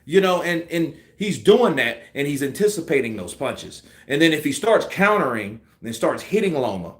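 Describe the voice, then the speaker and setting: A man's voice: on the high side, normal speed, echoey room. A man giving casual, profane boxing commentary on a live stream, acting out punch combinations. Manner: animated, profane, acts out punch sequences.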